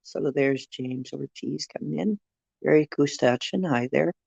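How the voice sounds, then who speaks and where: Woman, livestream host, slow unhurried talk, dry close sound, rambling and speculative. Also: low-pitched, creaky, darkish tone, slightly rough, dry recording, muffled recording. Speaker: livestream host reading viewer chat. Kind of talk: casual livestream chat.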